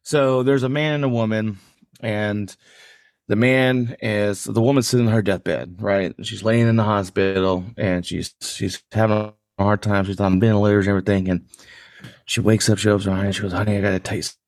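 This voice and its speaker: A man's voice: lowish voice, fairly even intonation, moderate pace, darkish tone, no room sound, studio quality. A man co-hosting a podcast, playful and loose, telling jokes in casual chat. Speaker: podcast co-host.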